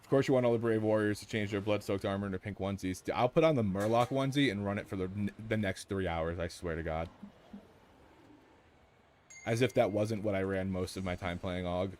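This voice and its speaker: A man streaming a game live, joking excitedly with his chat and teammates as he plays. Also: fairly low pitch, fairly quick, slight background noise. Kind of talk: live gameplay commentary.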